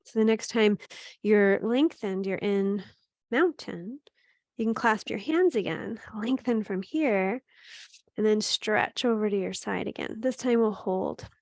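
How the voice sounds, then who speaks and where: A woman teaching a gentle yoga class, giving calm, encouraging cues with frequent "um" and "right?". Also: medium pitch, unhurried, no room sound, studio quality. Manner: speaks to students by name. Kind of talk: guided yoga class instruction.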